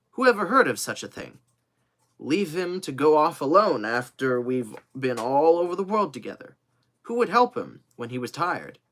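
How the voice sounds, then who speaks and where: A man's voice: mid-range voice, bright, forceful tone. A man voicing a cheerful, loyal young manservant who talks eagerly and earnestly.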